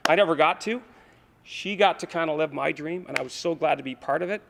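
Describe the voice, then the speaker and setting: A man's voice: a little high, a little fast, creaky, noisy background. A man coaching at a school awards ceremony, giving a rambling speech full of fillers and restarts. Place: school gym or auditorium. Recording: echoey hall.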